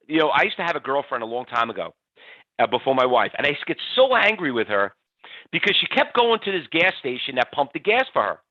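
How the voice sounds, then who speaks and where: A man hosting a live trading webinar, talking in an energetic, chatty way and reading out audience answers by name. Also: fairly high pitch, dry recording. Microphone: computer mic on a webinar stream. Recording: dull, slightly lo-fi webinar audio, dry.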